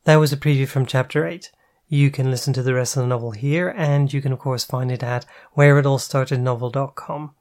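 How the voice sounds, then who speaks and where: An author introducing and reading aloud their own novel in a steady, even storytelling voice. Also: mid-range voice, brisk. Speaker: author and audiobook narrator.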